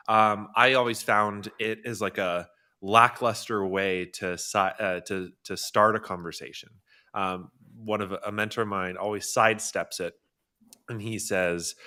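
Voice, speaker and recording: Bright-toned upbeat male host. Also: lowish voice. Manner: upbeat, laughs often. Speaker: show host. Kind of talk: casual panel talk.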